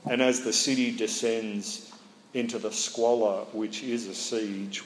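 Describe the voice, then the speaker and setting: A man preaching an expository sermon and acting out scenes in playful voices. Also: lowish voice. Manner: lively, acts out scenes in funny voices. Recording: echoey hall, faint room noise.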